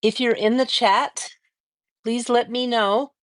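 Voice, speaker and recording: A woman's voice: on the high side, steady tone, slow pace. A woman hosting a casual quilting livestream from her home studio, chatting and greeting viewers by name. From American Mountain West. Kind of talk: casual live-stream chat greeting viewers.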